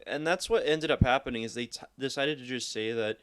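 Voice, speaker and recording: A man's voice: medium pitch, fairly quick, clean tone. Rambling young man telling spooky stories. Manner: rambling, animated storytelling with swearing. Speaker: podcast co-host. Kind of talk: casual chat.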